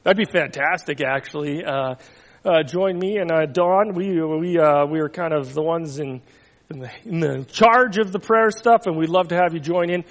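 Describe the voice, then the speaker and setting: A man, a pastor, reading a children's story to the congregation and then giving church announcements with expressive, dramatic pacing. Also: on the high side. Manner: expressive storytelling, dramatic pauses, drops to near whisper. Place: church hall. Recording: long hall reverb.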